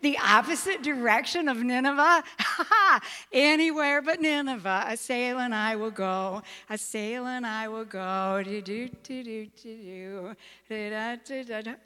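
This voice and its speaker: A woman's voice: high-pitched, expressive, unhurried, pushed and bright, pitched above the performer's own voice, exaggerated voice. Woman doing whiny comic Jonah. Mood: scheming. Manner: whiny, comic, sing-song. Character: reluctant, panicky biblical man Jonah. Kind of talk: children's storytelling.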